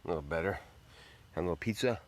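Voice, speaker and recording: A man's voice: low voice, racing, slight background noise. A man hosting a casual livestream, greeting viewers by name and rambling upbeat while he eats. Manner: talks while eating. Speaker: livestream host.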